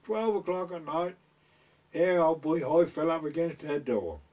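Older man, folksy rambling storyteller, fairly high voice, recorded from a distance. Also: lively intonation, a little slow, a little mellow. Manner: rambling, folksy, acts out quoted people. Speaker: village elder recalling the past. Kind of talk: oral history storytelling. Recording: voice from far off the mic.

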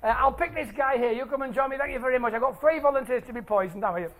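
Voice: high-pitched, racing, a bit bright. A stage presenter doing maths tricks live for an audience in a hall, playful and jokey as they draw the crowd in.

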